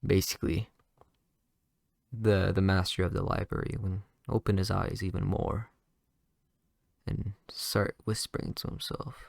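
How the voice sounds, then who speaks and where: A man's voice: low voice, flat delivery, a little slow, vocal fry, pauses often, a little mellow, no echo, studio quality. A man casually improvising a fan story, rambling with lots of fillers and restarts.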